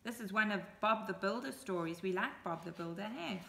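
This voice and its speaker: A woman reading a picture book aloud to young children, with lively asides pointing things out on the page. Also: mid-range voice, brisk, creaky, roomy sound, noisy background. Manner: animated, chatty asides to young listeners. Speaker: storybook reader. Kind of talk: children's story read-aloud.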